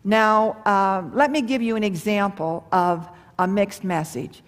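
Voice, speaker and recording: A middle-aged woman giving a live seminar on marriage and communication, talking folksy and animated, with rhetorical questions and acted-out quotes. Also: medium pitch, measured pace. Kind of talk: seminar talk to a live audience. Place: large hall or church with an audience. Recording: live hall with long reverb.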